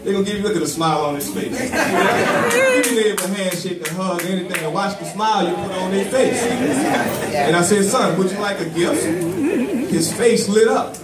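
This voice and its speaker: A man's voice: sits high, big pitch swings, moderate pace, over a noisy crowd, very noisy. A man preaching a sermon to a congregation, telling a story and drawing call-and-response. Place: church with congregation. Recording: echoey church from far off with congregation.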